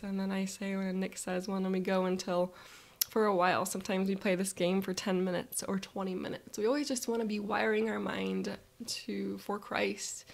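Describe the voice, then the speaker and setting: A woman leading a guided visualization, telling a relaxed, chatty first-person story in the present tense. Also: medium pitch, gravelly.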